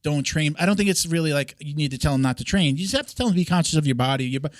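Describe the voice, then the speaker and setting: A man in his forties, a podcast host and coach, talking in a relaxed, rambling and self-deprecating way. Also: on the high side, rapid-fire, dry recording, clean studio sound. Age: 40s. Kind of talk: casual podcast conversation.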